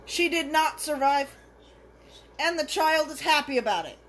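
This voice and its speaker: A woman's voice: high voice, animated, unhurried, a bit bright, a little hiss or hum. A woman co-hosting a film reaction podcast, talking bluntly and swearing freely in casual chat.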